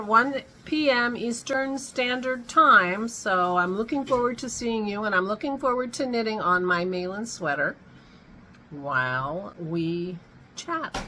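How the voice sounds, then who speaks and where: A woman with a lowish, pushed, bright voice runs a casual home vlog, rambling chattily and cutting off her own thoughts as she hiccups. Slight background noise sits under the low-quality recording.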